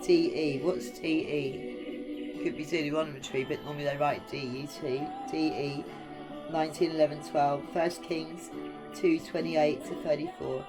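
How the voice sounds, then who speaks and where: A woman's voice: deep voice, fairly even intonation, a little slow, music in the background. A woman from Western Australia giving a rambling scripture reading and commentary as a Bible teacher, digressing often and chatting with lots of ums.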